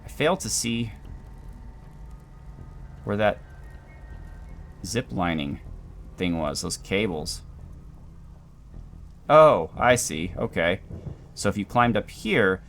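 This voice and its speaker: A man giving calm, dry, explanatory commentary while playing a video game. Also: on the low side, slow pace, pauses often, a little hiss or hum. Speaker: gameplay commentator. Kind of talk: let's play commentary.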